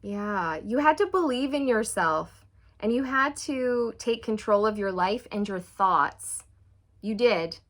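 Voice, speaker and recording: Excitable woman doing a tarot reading. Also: mid-range voice, slow. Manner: excitable, breaks into squeals and laughter; encouraging, talks straight to the viewer. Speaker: tarot reader. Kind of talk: channeled tarot reading to viewers.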